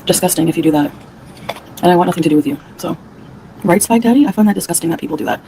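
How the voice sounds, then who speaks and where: A woman's voice: lowish voice, rapid-fire, mellow, slight background noise, poor audio. A woman from Canada ranting angrily on a livestream, profane and heated, answering her chat. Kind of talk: angry livestream rant.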